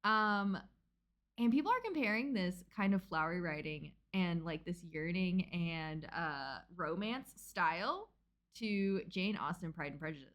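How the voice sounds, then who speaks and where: A young woman co-hosting a book club podcast. She teases her friends and goes off on quick side rants. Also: lowish voice. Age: young adult. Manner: lively, teasing, quick aside rants. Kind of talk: casual podcast chat.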